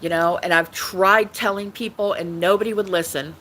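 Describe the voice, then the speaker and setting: A woman's voice: fairly low pitch, fairly even intonation, moderate pace, a bit bright, rough recording. A woman talking casually on her own livestream, rambling with many restarts and frequent swearing. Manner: rambling, repetitive, swearing often. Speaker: livestream host.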